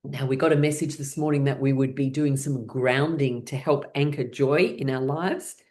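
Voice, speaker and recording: A woman teaching a laughter yoga class, giving gentle instructions that often break into laughter. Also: very deep voice, fairly even intonation. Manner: slow, soothing guided meditation delivery.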